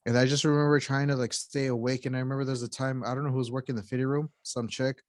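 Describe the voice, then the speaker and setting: A young man with a mid-pitched voice swaps stories with friends on a podcast. He is loose and profane, and he laughs his way through each tale. His voice sits close on the mic in a dry, dead room. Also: level tone, fast, no echo. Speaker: podcast co-host. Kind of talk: casual storytelling among friends.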